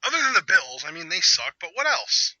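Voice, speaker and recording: Man, high bright voice, sarcastic banter, dry dull lo-fi sound. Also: big pitch swings, dry recording. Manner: sarcastic, fast-talking banter. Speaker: channel host. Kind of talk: casual live reaction chat. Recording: dull lo-fi audio.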